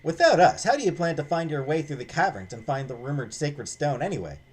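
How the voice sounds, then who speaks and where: Game voice: a man doing a bossy explorer woman with a sharp tongue, lively, a bit husky. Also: fairly high pitch, brisk. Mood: sarcastic. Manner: sarcastic, cutting. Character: sarcastic, bossy young female explorer.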